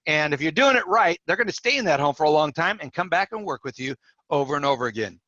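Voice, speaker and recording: A man's voice: fairly high pitch, fast talker, no echo, lo-fi sound. A middle-aged man, a mortgage industry coach, telling stories as a podcast guest and acting out the dialogue with energy. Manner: animated storyteller acting out quoted dialogue. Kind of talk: storytelling in a podcast interview.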